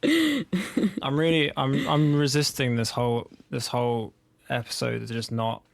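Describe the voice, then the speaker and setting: Podcast co-host, English man, rambling and chatty, gravelly edge. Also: mid-range voice, a little slow, no room sound. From England. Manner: rambling, self-interrupting, laughs often. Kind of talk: casual chat.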